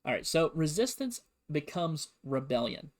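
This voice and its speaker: A man's voice: on the high side, very animated, moderate pace. A man giving a casual streamed history lesson, talking in a conversational, digressive way.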